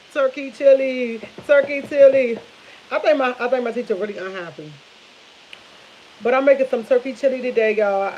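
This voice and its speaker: A woman in her fifties vlogs from her home kitchen as she cooks, a faint sizzle behind her, telling stories in a chatty, animated way with laughs and calling viewers "y'all." Her voice is a little high, and the lo-fi recording carries a slight hiss or hum.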